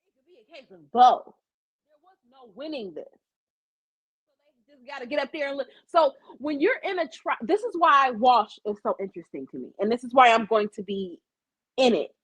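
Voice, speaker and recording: A woman's voice: sits high, expressive, normal speed, fairly bright tone, slightly rough, low-quality recording. A woman hosting a casual live-stream commentary show, blunt and profane, acting out the quotes she tells.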